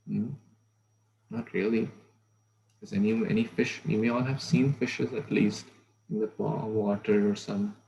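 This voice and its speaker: A man's voice: fairly low pitch, creaky, darkish tone, a little hiss or hum, rough recording. A man giving a conversational scripture class, asking listeners rhetorical questions and murmuring "hmm".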